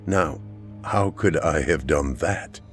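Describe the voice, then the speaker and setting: A man voicing a guarded male art thief who speaks in a calm, measured and mocking way. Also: extremely low pitch, soft background music, heavily acted.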